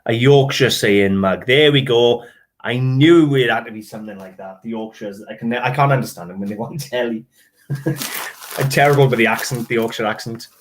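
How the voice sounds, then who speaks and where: A man's voice: mid-range voice, normal speed. A man hosting a casual video, chatting through his antique finds and laughing often. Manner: chatty, laughs often, admits trouble reading dialect. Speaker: antiques dealer and channel host. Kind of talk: casual show-and-tell.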